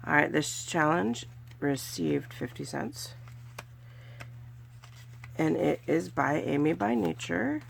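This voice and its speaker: A low, creaky female voice comes with a touch of hiss or hum. The speaker is a California budgeting vlogger casually narrating cash challenges, chatty as she counts her money aloud with small cheers.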